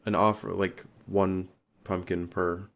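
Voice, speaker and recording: A very low-voiced man chats loosely about a horror movie, dropping casual swears. He trails off and restarts often while hunting for details. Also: little pitch movement, slow pace, creaky. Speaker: podcast co-host. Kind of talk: casual movie recap chat.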